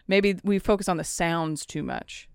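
A woman's voice: lowish voice, vocal fry, clean tone, no room sound, clean studio sound. A woman in her thirties, a podcast guest chatting casually and telling stories, acting out quotes as she goes. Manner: chatty storyteller, acts out quotes. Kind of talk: casual chat.

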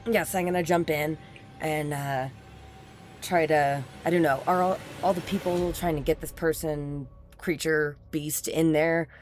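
Low-voiced woman, soft hesitant role-play. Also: steady tone, measured pace, faint music behind. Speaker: player. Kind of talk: in-character role-play as a gentle missionary.

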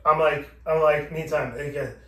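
A man's voice: fairly high pitch, normal speed. Profane man telling a story in an echoey room. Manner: profane, animated, acting out both sides of the exchange. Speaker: podcast host. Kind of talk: casual storytelling. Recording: echoey room, distant from mic.

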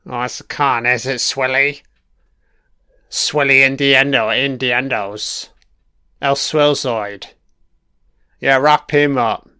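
A man with a smooth, clean voice talks unhurriedly over an episode, tossing crude, mocking jabs at the characters. The recording is dry and close, with no room sound. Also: mid-range voice, steady tone, takes it slowly, sharp tone, dry recording. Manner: profane, mocking, heckles characters on screen. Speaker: film commentator. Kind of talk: watch-along episode commentary.

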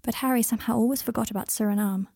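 A woman narrating fan fiction in a calm, measured reading voice. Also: fairly high pitch, gravelly, breathy edge, no echo, clean studio sound.

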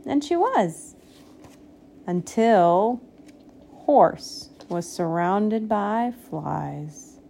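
A woman reading a picture book aloud, slow and expressive, giving the animals little voices. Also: mid-range voice, creaky, a little hiss or hum. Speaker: storybook reader.

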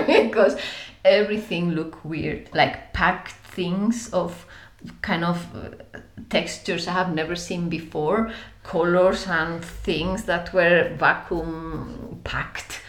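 Woman from Spain, lively storyteller. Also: lowish voice, takes it slowly, reverberant. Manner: animated, laughing, acts out scenes. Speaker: interview guest. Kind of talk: reflective storytelling.

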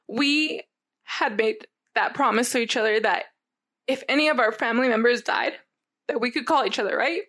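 A woman's voice: fairly high pitch, fairly bright tone. A young adult woman telling a candid personal story in casual chat, rambling and filling her talk with "like". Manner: rambling, heavy use of "like", candid and swearing.

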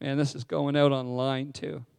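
A man's voice: mid-range voice, little pitch movement, normal speed, vocal fry, darkish tone, clean tone. A middle-aged man preaching a sermon as a pastor, candid and self-deprecating in his asides. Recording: long hall reverb.

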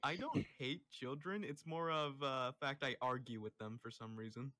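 A man's voice: mid-range voice, normal speed, bright, forceful tone, dry recording. A young man co-hosting a podcast, chatting casually and hesitantly with plenty of "uh" and "you know". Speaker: podcast co-host. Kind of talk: casual chat among friends.

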